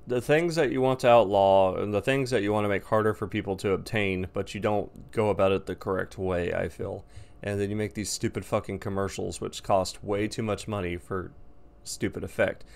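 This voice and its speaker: Gravelly low-voiced man ranting. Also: fairly even intonation, normal speed, a little mellow. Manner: rambling, profane, blunt. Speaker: vlogger. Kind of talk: casual rant to camera.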